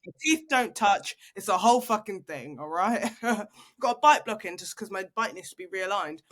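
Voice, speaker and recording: A woman's voice: mid-range voice, lively intonation, normal speed, a bit bright. A chatty young woman co-hosting a casual podcast over a video call. She talks easily, laughs often and pokes fun at herself. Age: 20s. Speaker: podcast co-host. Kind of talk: casual chat.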